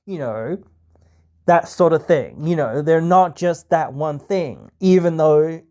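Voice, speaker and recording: Hosting his podcast, the Australian man talks slowly in a fairly high, darkish voice. The casual chat meanders, is full of fillers, and features mocking stereotype voices.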